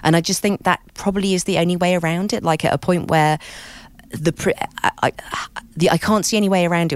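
A woman's voice: deep voice, no room sound. A middle-aged British woman, an author talking as a guest in an interview, blunt and candid, swearing freely and leaning on "you know" as she talks. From Britain.

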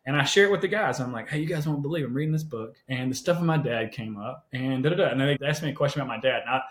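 Guy telling his story on a podcast, animated and chatty, middle pitch, room echo on him. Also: rapid-fire. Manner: animated, conversational, often adds "right?". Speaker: podcast guest, health coach. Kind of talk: casual storytelling interview. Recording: roomy echo.

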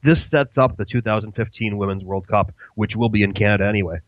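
A man's voice: on the low side, quick pace, no echo, phone-quality sound. A man from the United States co-hosting as a guest on a radio show, chatting casually with a wry, easygoing manner. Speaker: guest co-host.

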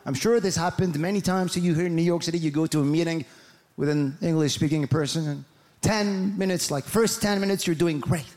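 A man with a French accent performing stand-up comedy, animated and mimicking voices and mispronunciations. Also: on the high side, fairly quick. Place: large theater with live audience. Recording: live stage recording with audience noise.

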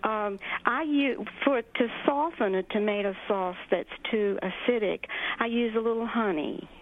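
A woman's voice: a little high, measured pace. Southern American woman caller, chatty, heard over a thin phone line. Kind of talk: phone-in call.

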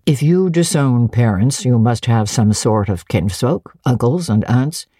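A woman voicing a brusque, commanding middle-aged gentleman who questions curtly and gives orders. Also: a bass voice, animated, a little slow, slightly rough, no echo, studio quality, exaggerated voice. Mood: imperious. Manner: curt, imperious questioning.

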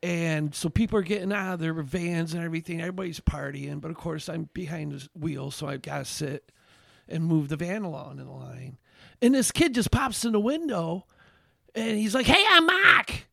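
A man, a songwriter and bandleader, chatting casually as a podcast guest, telling stories in an animated, rambling way with lots of fillers and restarts. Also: on the high side, normal speed, creaky, no room sound, clean studio sound. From Albany, New York area. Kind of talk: casual chat, storytelling.

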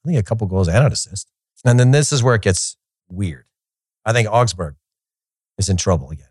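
Animated man rambling about soccer. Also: on the low side, slightly rough, no echo, studio quality. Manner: rambling and animated, with frequent restarts. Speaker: soccer show host. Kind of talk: casual solo commentary.

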